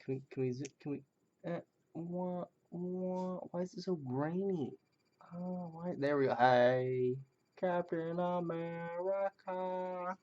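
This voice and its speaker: A man casually rambling through a home video review of action figures, joking at his own expense and muttering quick asides. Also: fairly high pitch, darkish tone. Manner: loose, joking and self-deprecating, with muttered asides. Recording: dull lo-fi home video sound.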